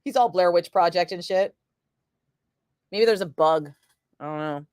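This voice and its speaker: A middle-aged woman, chatting casually with viewers on a home livestream, animated and sweary as she tells stories. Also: on the low side, a little slow, no echo, studio quality. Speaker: radio DJ chatting with live viewers.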